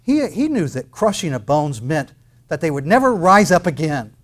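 Impassioned preacher, man with higher voice. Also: very animated, normal speed. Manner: impassioned, swings from loud proclamation to quiet intensity; quotes and explains scripture, asks rhetorical questions. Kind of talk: expository sermon.

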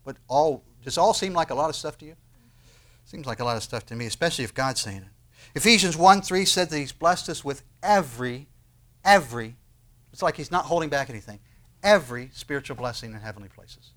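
With a mid-range voice and a brisk delivery, this man preaches a lively sermon, firing off rhetorical questions and getting louder for emphasis.

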